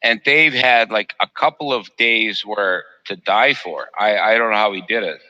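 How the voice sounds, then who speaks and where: A man's voice: lowish voice, moderate pace, sharp tone, lo-fi sound. A man hosting a live stream, chatting casually over a voice call, joking, laughing often and repeating himself. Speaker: host of a live observatory stream.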